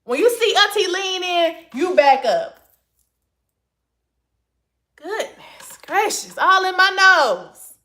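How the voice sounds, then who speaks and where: Sassy woman live on her phone, high bright voice, reads comments, calls everyone honey. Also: sing-song, slow, long pauses. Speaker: livestream host. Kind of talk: casual livestream chat reading comments.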